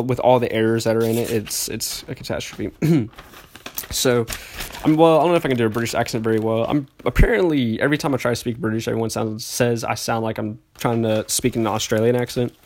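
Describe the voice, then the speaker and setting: A man's voice: medium pitch, brisk, darkish tone. A man in his twenties, a podcast host, reads his old school journal entries aloud and mocks them, stumbling and restarting as he goes. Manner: rambling, self-mocking, stumbles and restarts.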